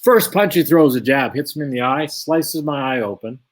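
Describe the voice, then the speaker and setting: The speaker is a former boxer on as an interview guest, relating a long boxing story with lively energy. He performs both parts of every exchange, speaking in a mid-range voice at a moderate pace.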